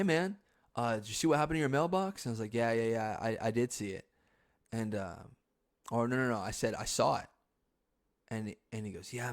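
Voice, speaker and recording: A young man hosting a podcast, telling stories in a loose, profane, casual way with sudden loud outbursts. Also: mid-range voice. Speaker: podcast host. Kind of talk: casual storytelling monologue.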